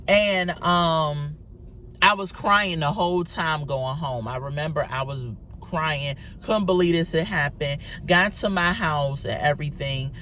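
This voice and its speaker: A woman's voice: low-pitched, measured pace, fairly bright tone. Woman storyteller, casual vlog delivery, conversational with fillers, in a car with faint vehicle noise. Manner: chatty, addresses viewers as y'all, many fillers. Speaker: vlogger.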